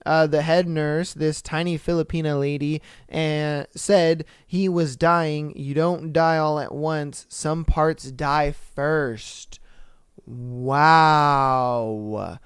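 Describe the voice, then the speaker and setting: A young man hosting a podcast, reading stories aloud and reacting with swearing and loud outbursts. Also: on the high side, smooth, no room sound, studio quality. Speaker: podcast host.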